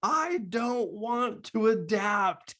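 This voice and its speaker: A man imitating his three-year-old grandson, a small boy throwing a tantrum and yelling stubbornly. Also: high-pitched, animated, extremely slow, pitched above the performer's own voice, heavily acted. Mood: whining.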